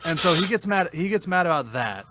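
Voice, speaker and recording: A man's voice: fairly high pitch, sing-song, fairly quick, very noisy. A man co-hosting a podcast, telling a rowdy story in casual chat, swearing and laughing as he goes. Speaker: podcast co-host.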